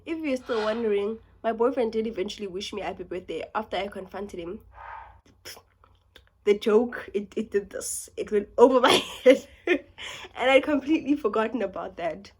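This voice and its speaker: A young woman from South Africa with a South African accent, telling a story in a casual vlog, talking fast and animated and dropping into whispers. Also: medium pitch. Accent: South African English. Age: young adult. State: sick. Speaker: YouTuber.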